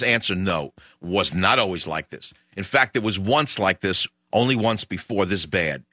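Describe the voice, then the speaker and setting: A man's voice: deep voice, expressive, normal speed, hardly any pauses, pushed and bright, no echo, highs cut off. A man hosting a political talk radio show, ranting in a sarcastic, exasperated way. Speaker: radio host.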